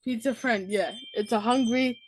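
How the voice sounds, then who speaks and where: Brief: upbeat female interview host, higher voice, giggly and quick to get excited, dry close sound. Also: no echo. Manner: giggly, bursts into excited exclamations. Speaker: podcast host. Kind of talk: casual interview chat.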